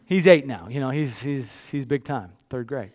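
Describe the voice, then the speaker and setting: A man in his thirties preaching a sermon, with a storytelling delivery that swings from hushed to loud. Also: medium pitch, expressive, normal speed. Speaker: pastor.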